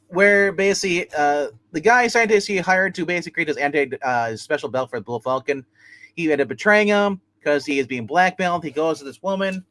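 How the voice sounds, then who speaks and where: A man sits and recaps comic book issues in a loose, chatty way. He restarts sentences often and drifts from point to point. His pitch sits in the middle range for a man. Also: fairly bright tone. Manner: loose, rambling retelling with many restarts. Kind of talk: casual solo comic review, retelling plots.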